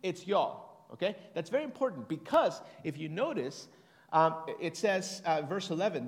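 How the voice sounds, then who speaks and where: A man's voice: high voice, big pitch swings, normal speed. Chatty preacher man in a reverberant hall. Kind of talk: conversational sermon. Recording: long reverb of a large hall.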